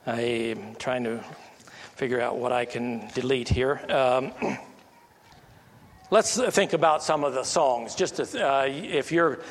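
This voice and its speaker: Slow-talking man in an echoey hall. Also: mid-range voice, a little hiss or hum. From United States. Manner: halting, many restarts and fillers, rises when stressing a point. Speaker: Christian speaker. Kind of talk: informal teaching monologue. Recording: long echoey reverb.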